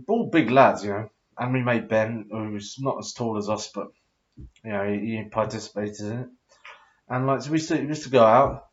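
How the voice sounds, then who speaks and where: A man's voice: mid-range voice, dull audio. A tipsy man in his thirties telling a rambling, sweary story full of fillers and hesitations. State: tipsy after drinking. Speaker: vlogger.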